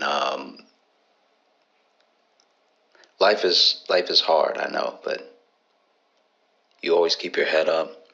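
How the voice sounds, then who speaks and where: A comedian doing a bottom-heavy, gravelly man calling his buddy at night, halting and soft-spoken. The voice stays flat and very low, yet the tone is strangely bright, and the sound is muffled and lo-fi. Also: exaggerated voice. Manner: soft, halting, hesitant with fillers. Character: man phoning a buddy at night, gentle, then scared.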